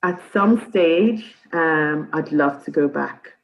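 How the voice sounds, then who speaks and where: A woman's voice: deep voice, slow, poor audio. Laughing woman guest telling stories. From Nigeria. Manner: laughs often, lively storytelling. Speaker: podcast guest. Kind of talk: casual interview chat.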